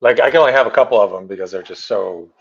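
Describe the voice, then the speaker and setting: Man, low gravelly voice, laid-back, dull lo-fi mic. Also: rapid-fire. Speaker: podcast co-host. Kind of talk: casual chat. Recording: dull lo-fi sound.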